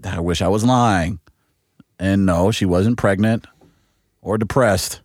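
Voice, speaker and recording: A man's voice: low-pitched, takes it slowly, long pauses, no room sound, studio quality. A man co-hosting a radio show, joking and teasing his co-hosts in casual banter. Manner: playful, teasing, lively.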